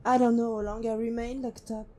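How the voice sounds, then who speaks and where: Brief: actress as a haunted female synth ex-killer, mellow and slightly high, slow and brooding, soft music behind. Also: little pitch movement, slight background noise, lightly acted. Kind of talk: game companion monologue. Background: faint music.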